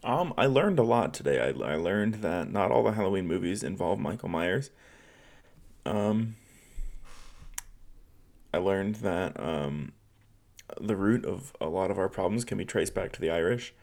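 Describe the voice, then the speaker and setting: A man with a low voice that swings widely in pitch co-hosts a casual movie chat. He chimes in with short, dry, joking remarks. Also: animated, a little slow, vocal fry, long pauses, a little mellow. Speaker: co-host.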